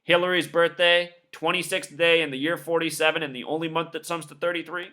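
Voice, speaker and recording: A man's voice: a little high, level tone, fairly quick, sharp tone. A man giving a scornful, emphatic commentary monologue, listing numbers one after another. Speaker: video commentator. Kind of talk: monologue over news clips.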